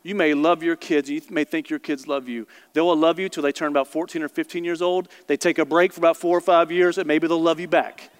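A man's voice: a little high, fairly even intonation, a little fast, few pauses, clean tone. A male pastor preaching a sermon to his congregation with passion, stressing words and repeating phrases to drive them home. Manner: impassioned, emphatic, repeats phrases, speaks straight to the congregation. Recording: long hall reverb.

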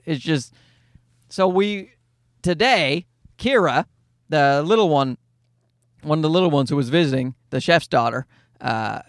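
High-voiced man rambling on a podcast. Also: a bit bright, dry recording, clean studio sound. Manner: rambling, profane, self-deprecating storytelling. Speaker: podcast host. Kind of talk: casual podcast monologue.

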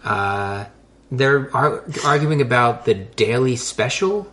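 A man with a mid-pitched voice recaps a TV episode in a relaxed podcast chat. He wanders through the story and fills the gaps with hesitations. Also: takes it slowly. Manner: meandering, filler-heavy storytelling. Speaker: podcast co-host.

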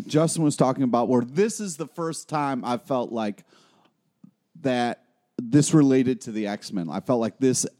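A man's voice: medium pitch, a little slow, warm tone. A man co-hosting a podcast in casual chat, enthusiastic and geeky. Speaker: podcast co-host.

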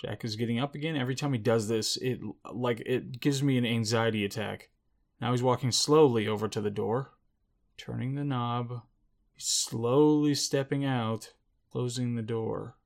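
Creaky-voiced man reacting to a film. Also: mid-range voice, steady tone, normal speed. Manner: jittery running commentary, muttering then exclaiming. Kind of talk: live reaction commentary.

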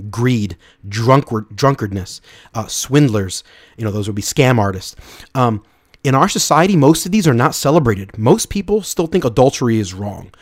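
A man's voice: mid-range voice, no echo, studio quality. A man hosting a podcast, giving an earnest, unscripted Bible teaching talk and often restarting and repeating words. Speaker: podcast host.

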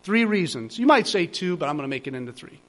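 High-pitched earnest male pastor preaching. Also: very animated, quick pace, fairly bright tone. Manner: earnest pleading, rising to emphatic repetition. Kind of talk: sermon.

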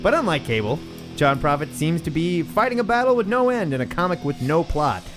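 A man's voice: on the high side, sing-song, brisk, over music. A man co-hosting a casual comics podcast, laughing often and telling stories with animation. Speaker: podcast co-host.

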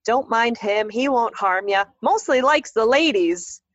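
A woman's voice: fairly high pitch, lively intonation, unhurried, voice pushed up. An easygoing male groundskeeper, as a woman storyteller puts him on, chatty and folksy in a raised voice. The recording is dull and dry.

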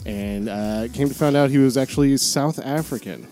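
A man's voice: medium pitch, moderate pace, warm tone, faint music behind. A young man hosting a podcast in goofy casual banter, laughing often. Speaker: podcast host.

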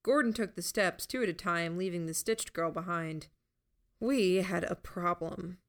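A woman narrating a first-person audiobook in an unhurried, steady storytelling manner. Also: lowish voice.

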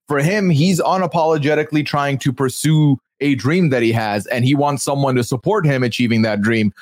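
A man hosting a casual TV recap chat, animated and incredulous as he goes over the episode. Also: no echo, clean studio sound. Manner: animated, incredulous, sometimes jumps high in pitch. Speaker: podcast host.

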